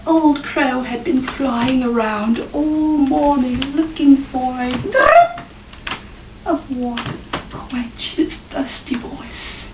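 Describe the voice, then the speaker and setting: Slow, dramatic woman telling a fable. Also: sing-song. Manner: dramatic, with sudden pitch jumps and whispered asides. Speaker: storyteller. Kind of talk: expressive storytelling practice. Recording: roomy, distant, dull and noisy.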